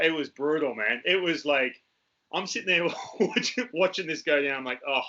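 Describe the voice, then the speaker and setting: A man's voice: fairly high pitch, normal speed, lo-fi sound. An Australian man in his thirties, a podcast host, telling stories casually and laughing often. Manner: animated storyteller, laughs often. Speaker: podcast host, former baseball pitcher and broadcaster.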